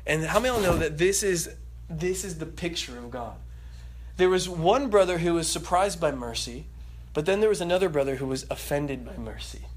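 High-voiced animated male preacher. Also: brisk. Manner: animated, acts out voices, laughs and jokes. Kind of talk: sermon.

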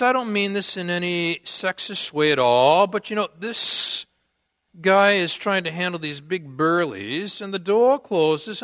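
A pastor with a high-pitched, slightly bright voice preaches a sermon, telling a story with dramatically acted quotes. Long church-hall reverb fills the recording.

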